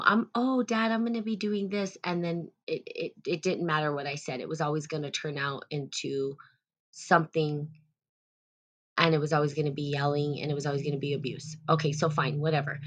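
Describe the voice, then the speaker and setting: Woman, lowish voice, emotional, rambling, close to tears, reading chat comments. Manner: rambling, with frequent restarts and loud bursts. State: on the verge of tears. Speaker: live-stream host reading viewer comments. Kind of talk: emotional personal storytelling.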